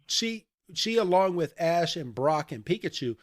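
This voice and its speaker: A man with a somewhat high voice recaps a cartoon episode on a podcast, animated and laughing often. His voice sits close and dry, with no room sound around it. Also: a little slow, no echo. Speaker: podcast host.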